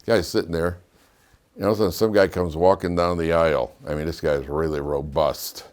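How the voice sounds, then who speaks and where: A middle-aged rabbi giving a lively classroom lecture, telling stories and quizzing his students. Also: a little fast. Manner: animated storyteller, swings between loud emphatic peaks and low asides, quizzes students.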